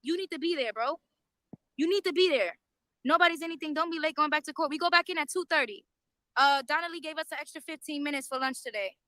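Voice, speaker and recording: Bright, animated woman streaming live. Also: high voice, quick pace, no room sound, rough recording. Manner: animated, profane, talks straight to viewers. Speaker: YouTube livestreamer. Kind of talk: casual live-stream commentary. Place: outside a courthouse overflow room.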